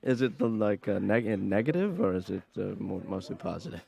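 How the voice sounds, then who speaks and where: A man's voice: lowish voice, lively intonation, creaky, mellow, breathy edge, exaggerated voice. An actor playing an awkward, nervous young man who halts and mumbles through his words. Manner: hesitant, mumbling, full of halting pauses.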